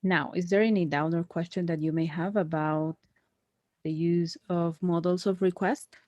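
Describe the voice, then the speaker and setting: A woman teaching English one-on-one, speaking patiently and correcting her student gently. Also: on the low side, steady tone, moderate pace, dry recording, highs cut off. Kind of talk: one-on-one online English lesson.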